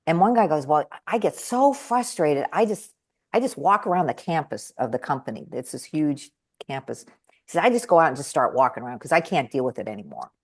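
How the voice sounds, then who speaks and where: Lively, slightly low-voiced woman storyteller. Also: fast, slightly rough. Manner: animated, acts out quoted voices with big jumps in pitch. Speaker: guest speaker and trainer. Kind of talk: conversational storytelling.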